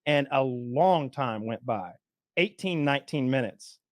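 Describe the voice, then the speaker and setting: A medium-pitched man co-hosting a podcast tells a story in casual conversation at a measured pace, with no room sound. He's animated and mimics the people in his stories.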